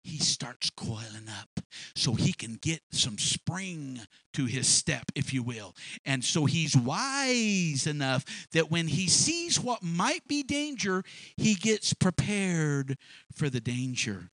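A man preaching a sermon as pastor, animated and folksy, acting out animals as he makes his points. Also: a little high, slow, no echo. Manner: animated preaching with sound effects.

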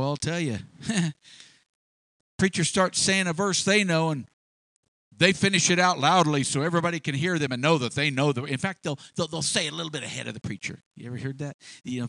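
A man's voice: on the high side, animated, brisk, a bit bright, no echo. A man preaching a sermon in a folksy, repetitive way, stumbling over words and acting out little scenes. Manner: folksy, repetitive, acts out voices for illustration.

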